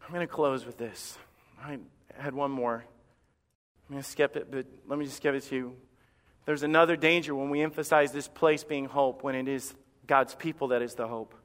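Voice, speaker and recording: A male pastor preaching a sermon in a church, impassioned and emphatic with dramatic pauses. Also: medium pitch, steady tone, a bit bright. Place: church sanctuary. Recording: long reverb of a church hall.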